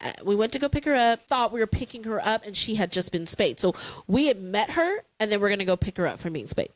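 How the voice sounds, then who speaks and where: A woman's voice: medium pitch, very animated, quick pace, no room sound, poor audio. Dramatic storytelling woman, dry mic. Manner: dramatic storytelling, playfully exasperated. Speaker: podcast co-host. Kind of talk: casual chat.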